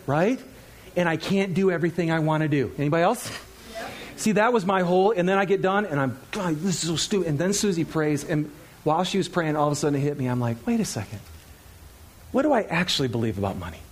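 A middle-aged man preaching a sermon in a church, conversational and animated, laughing often and acting out quotes. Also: a little high. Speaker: pastor. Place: church sanctuary.

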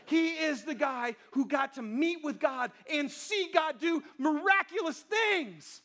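A man preaching a casual, conversational sermon, chatty and lively with playful asides. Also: very high voice, slow pace. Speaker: pastor.

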